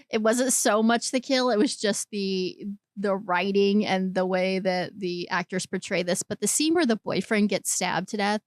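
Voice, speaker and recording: A woman's voice: medium pitch, unhurried, no room sound. A woman co-hosting a podcast, animatedly retelling a funny horror scene and acting out the characters' lines. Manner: animated storyteller, acts out lines. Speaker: podcast co-host. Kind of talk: casual film discussion.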